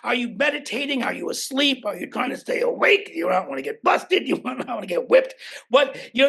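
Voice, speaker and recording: Gravelly, animated older man. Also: high voice, moderate pace. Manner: emphatic, swears freely, acts out quoted voices. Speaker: guest. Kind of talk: animated conversational storytelling.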